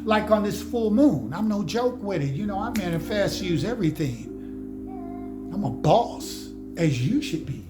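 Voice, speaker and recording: High-voiced man preaching over music. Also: very animated, unhurried. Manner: emphatic, slangy, lecturing the audience directly. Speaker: spiritual motivational speaker. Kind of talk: preachy motivational monologue. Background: music playing behind.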